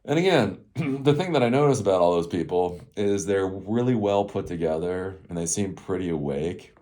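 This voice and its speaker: Deep-voiced rambling man. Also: normal speed, dark tone. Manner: rambling, sarcastic, chuckling often. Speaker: tech commentary host. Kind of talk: casual solo commentary.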